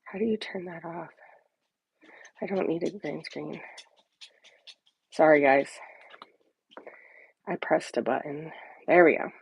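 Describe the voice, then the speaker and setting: A woman's voice: low-pitched, takes it slowly, creaky, long pauses, husky, dull audio. A woman hosting a casual crafting livestream from home into a phone or tablet mic, rambling and dropping into half-whispered asides to herself. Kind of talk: casual live-stream chat.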